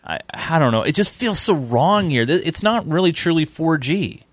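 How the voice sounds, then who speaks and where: A man hosting a casual tech podcast, animated and opinionated, pressing his co-host for answers. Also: a little high, moderate pace, no echo.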